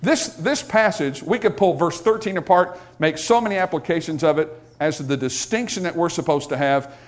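A middle-aged man preaching a sermon to his congregation, folksy and joking, swinging between soft asides and loud emphatic points. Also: fairly high pitch, moderate pace. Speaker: pastor.

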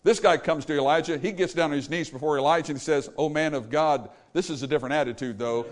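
A man preaching a sermon, emphatic and animated, paraphrasing scripture and acting out the quotes. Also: a little high, very fast. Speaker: pastor.

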